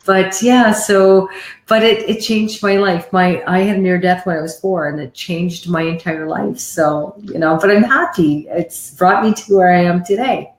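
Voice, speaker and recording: A woman's voice: on the low side, moderate pace. A woman, a psychic medium chatting effusively as a guest on a live video-call interview. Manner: chatty, effusive, greets viewers warmly. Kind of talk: casual live-stream interview. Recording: echoey room.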